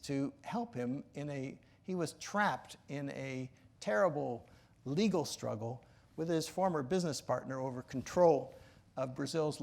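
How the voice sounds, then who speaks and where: A man's voice: a little high, creaky, a little mellow. A man in his sixties, an author giving a lecture, telling a personal story in an earnest, reflective way and often restarting his sentences.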